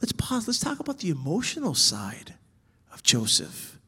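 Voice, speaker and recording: A man teaching church workers about children's ministry, animated, swinging from loud emphasis to soft whispers. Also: sits high, normal speed, slightly rough.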